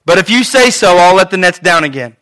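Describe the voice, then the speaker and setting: Tired fisherman , a preacher putting him on, whiny and high, complains he worked all night. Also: expressive, fairly quick, pushed and bright. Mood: complaining. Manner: complaining, then reluctantly giving in. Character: Simon, weary grumbling male fisherman.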